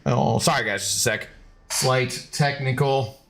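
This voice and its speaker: A man's voice: mid-range voice, steady tone, unhurried, creaky, a bit bright, soft background music. A man chatting casually on a live game stream, scattered and talkative as he sorts out technical issues. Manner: chatty and scattered, baby-talking to his dog.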